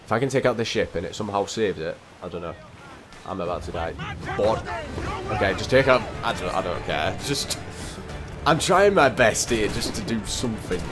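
A young man giving gameplay commentary, muttering to himself and repeating his frustrations as he plays. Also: on the low side. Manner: exasperated, talking to himself, repetitive. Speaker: gamer. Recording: voice over game audio with loud music. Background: loud game music and cannon fire.

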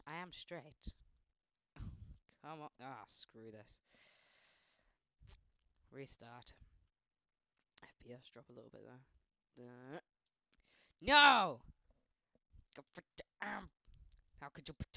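A man's voice: medium pitch, unhurried, pauses often, smooth, no echo, highs cut off. A man with a faint Scottish accent doing jokey let's-play gaming commentary, yelping at the game. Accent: slight Scottish. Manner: excitable, yelps and laughs at the game, jokey asides.

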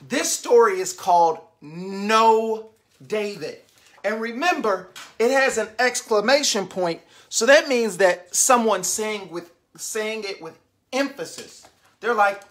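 A woman's voice: fairly high pitch, animated, a little slow, a bit bright. A woman reading a picture book aloud to young children, stopping often to ask them questions and invite them to join in. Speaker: children's story reader.

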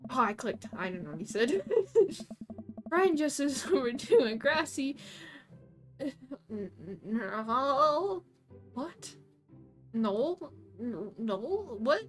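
Brief: high-pitched woman streamer, unhurried, giggly, faint game music behind. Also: sing-song, a bit bright. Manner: giggly, self-mocking, lots of "like". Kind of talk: casual game commentary, reading game text.

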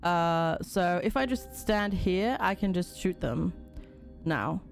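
A woman's voice: fairly low pitch, slow, vocal fry, soft background music. A woman casually commenting on a game during a live stream, reading on-screen tutorial text aloud and chatting with and thanking viewers.

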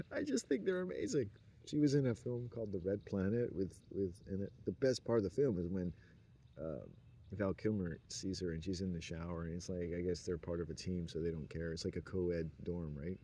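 A man's voice: low-pitched, fairly even intonation, brisk, mellow, husky. A man talking in a rambling, sardonic monologue, often laughing at his own jokes. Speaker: monologue speaker.

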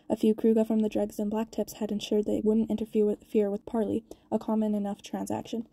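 A woman reading a novel aloud, quick, with small stumbles and restarts. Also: medium pitch, warm tone, no echo. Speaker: audiobook reader.

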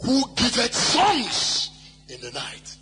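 High, lively preacher in a reverberant hall. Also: male voice. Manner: preaching with shouted emphasis and drawn-out scripture reading; mimics wailing crowds in sing-song cries. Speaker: pastor. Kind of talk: sermon. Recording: live hall with long reverb and faint music.

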